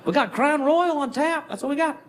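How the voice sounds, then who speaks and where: A man's voice: extremely high pitch, expressive, brisk, some chatter behind, voice pushed up. A man voicing a chummy, over-friendly male hotel clerk with a Tennessee drawl. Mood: folksy.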